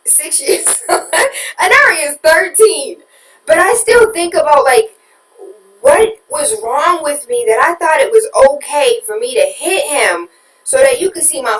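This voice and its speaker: A woman's voice: high voice, echoey room, distant mic, poor audio. A woman hosting a talk radio show, preaching at listeners with rhetorical questions and candid confessions about her own parenting.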